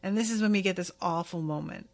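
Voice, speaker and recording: A woman's voice: fairly low pitch, fast talker. A woman hosting a podcast, recapping an episode in a casual, candid way and swearing now and then. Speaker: podcast host.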